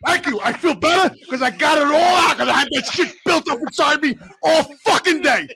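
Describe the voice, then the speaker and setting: A man rants through a story, loud, swearing and exasperated. His voice sits very high for a man and sounds forceful and sharp. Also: a little fast. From New York City. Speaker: podcast regular. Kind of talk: profane storytelling rant.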